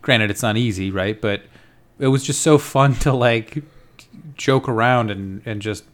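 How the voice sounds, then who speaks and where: A man who streams games, chatting excitedly and in a friendly way on a podcast. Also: mid-range voice, a little slow. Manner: excited, friendly, says dude a lot. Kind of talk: casual chat about video games.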